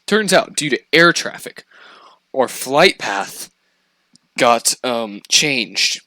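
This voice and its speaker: A young man casually telling a story on a podcast, animated and profane, laughing as he goes. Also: mid-range voice, slow, no echo.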